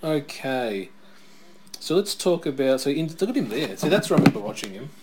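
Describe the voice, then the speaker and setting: A man's voice: medium pitch, big pitch swings, fairly quick. A man co-hosting a casual wrestling watch-along, chatting and reading out wrestler facts. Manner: chatty, reads out wrestler facts, tells stories. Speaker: podcast co-host.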